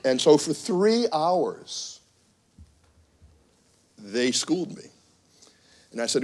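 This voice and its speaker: A man's voice: fairly high pitch, very animated, slow pace, long pauses, darkish tone. A middle-aged man, a university dean, giving a symposium talk full of wry asides and acted-out quotes. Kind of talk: symposium speech with anecdotes. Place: conference room.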